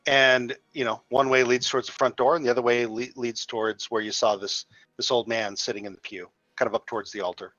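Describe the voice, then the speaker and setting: A man's voice: medium pitch, level tone, fairly quick, a bit bright, no echo. A man narrating a tabletop game as dungeon master in a loose, meandering way. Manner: loose, meandering, full of fillers. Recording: dull lo-fi dry sound.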